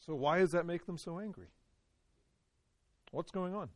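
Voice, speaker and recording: A man's voice: fairly high pitch, moderate pace, darkish tone, dry recording. A man teaching a Bible study to a small group in a conversational way, often putting questions to his listeners.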